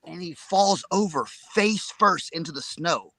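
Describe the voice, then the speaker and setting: A man co-hosting a casual live chat, telling a story in an excitable, rambling way and repeating his words. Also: on the high side, measured pace, no room sound. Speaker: reseller show co-host.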